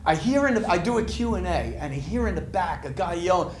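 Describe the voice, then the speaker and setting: A man guest in a casual interview, telling lively stories, acting out quoted voices and laughing often. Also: high voice, fast talker, echoey room. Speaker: interview guest, author and musician.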